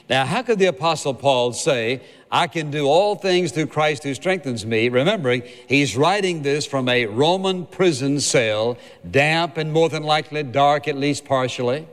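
Earnest male preacher, slightly high voice, emphatic and repetitive, echoing hall. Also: normal speed, hardly any pauses. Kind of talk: sermon.

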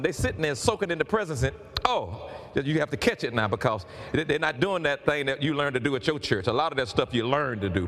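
A man preaches fervently, his voice sitting high and swinging widely in pitch as he rises to shouts. It is a live church recording with a faint hum of ambient noise. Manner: fervent, building to shouts, calls and responses with the congregation. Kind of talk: sermon.

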